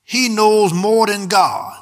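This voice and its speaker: Slow and high-pitched, this man delivers a sermon with a preacher's rhythm, sometimes nearly singing and drawing out important words to stress them.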